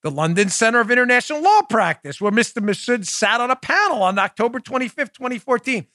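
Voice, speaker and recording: Male podcast host, high bright tone, dry close mic, sarcastic and animated delivery. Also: quick pace, no echo. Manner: mocking, animated, laughs at own jokes. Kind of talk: sarcastic political commentary.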